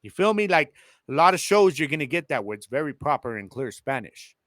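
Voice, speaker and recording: A man hosting a casual solo podcast with a Chicano English accent, talking to his listeners in a lively, slangy way. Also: a little high, a little fast, no room sound, studio quality. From El Paso, Texas. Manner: animated, slangy, addresses listeners directly. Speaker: podcast host.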